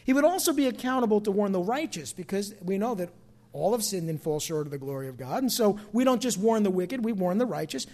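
A middle-aged pastor from New Jersey preaching a sermon in a conversational way, dropping to soft asides and rising to loud emphatic bursts. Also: male voice, high voice, animated, quick pace.

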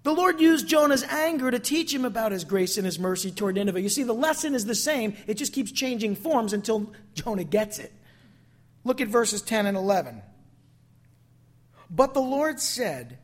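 Male preacher, high register, questioning and dramatic sermon delivery. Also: animated, normal speed. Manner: rhetorical questions to the congregation, dramatic acted quotes.

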